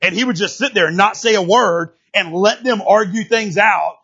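A man preaching a sermon in a conversational, animated way, often restarting his words. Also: high voice, normal speed, slightly rough, highs cut off. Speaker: pastor.

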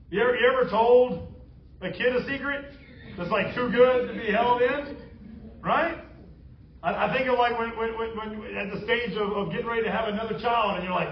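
A man preaching a sermon as pastor, animated and humorous as he retells a story. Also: extremely high pitch, a little fast, a little hiss or hum. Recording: roomy, distant, dull sound.

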